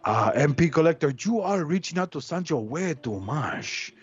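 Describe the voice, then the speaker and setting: Guy doing a mock-serious advice persona, slow and teasing, muffled lo-fi sound. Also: on the high side, expressive, breathy edge, soft background music. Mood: mock-stern. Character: Sancho, a mock advice-giving male persona.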